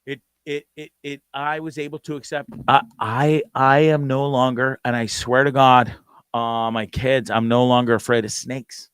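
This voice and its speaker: A man's voice: mid-range voice, little pitch movement, normal speed, a bit bright, clean tone, dry recording. A male host telling a rambling, profane story with many stammered restarts. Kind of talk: casual storytelling.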